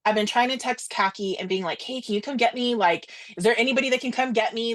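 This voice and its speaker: A young woman co-hosting a podcast, telling a story in casual chat, animated and quoting others in quick asides. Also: a little high. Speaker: podcast co-host.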